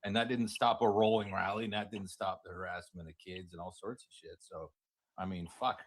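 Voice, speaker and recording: A man's voice: sits low, fairly even intonation, fairly quick, slight background noise, rough recording. A man co-hosting a livestream, talking bluntly and with profanity, backing up the host. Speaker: guest co-host. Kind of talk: heated commentary chat.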